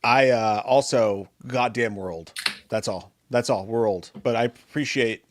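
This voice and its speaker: A man co-hosting a live movie chat stream, joking and swearing through excitable rants. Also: medium pitch, unhurried, a little hiss or hum. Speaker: co-host of a live movie show.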